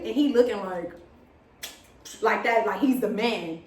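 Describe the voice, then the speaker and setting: A young woman vlogger telling a story in casual chat, animated and dramatic, quoting what people said. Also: mid-range voice, normal speed. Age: young adult. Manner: animated, dramatic retelling with gasps and quoted lines. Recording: echoey room, mic at a distance.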